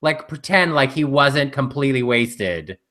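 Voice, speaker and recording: A man's voice: medium pitch, expressive, a little slow, bright, forceful tone. A man co-hosting a casual live chat show, telling stories in a rambling way with lots of fillers. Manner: rambling storyteller with many fillers. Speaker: co-host.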